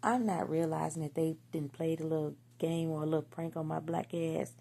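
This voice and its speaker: Gravelly, husky woman telling a story. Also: low voice, fairly even intonation, fairly quick, dark tone. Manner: candid, profane, slangy storytelling. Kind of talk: casual storytime monologue.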